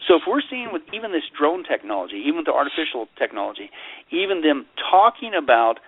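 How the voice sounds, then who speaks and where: A man, a pastor being interviewed, talking in a lively, sarcastic way and slipping into mocking voices to make his point. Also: a little high, a little fast, dry recording. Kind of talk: animated interview talk. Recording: tinny phone-line audio.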